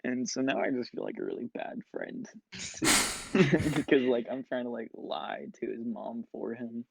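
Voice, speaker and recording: A man's voice: medium pitch, sing-song, a little slow, gravelly, a little hiss or hum. A young man and podcast co-host telling a long casual story, full of filler words and acted-out quotes. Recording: dull lo-fi podcast mic.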